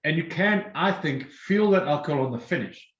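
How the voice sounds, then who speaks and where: A man leads a tasting and explains each whiskey patiently. His voice sits a little high for a man. The sound is echoey and muffled, like audio from an online session. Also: animated, normal speed. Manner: informative, explains step by step. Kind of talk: guided tasting talk.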